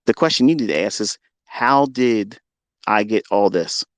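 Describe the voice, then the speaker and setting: A man's voice: fairly low pitch, normal speed, no echo. Combative swearing man in a dry room. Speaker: trading educator. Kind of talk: profane monologue rant.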